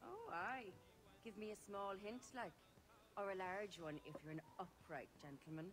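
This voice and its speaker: A woman's voice: medium pitch, animated, normal speed, close to an everyday voice. An actress playing a teasing, flirtatious woman at a tavern in a video game.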